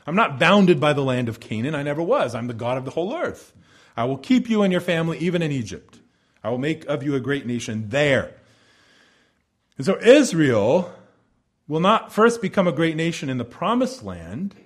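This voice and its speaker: A man preaching in an earnest, expository manner. His voice sits a little on the high side, and he swings from emphatic rises to hushed, gentle drops as he explains the text. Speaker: pastor. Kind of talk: sermon.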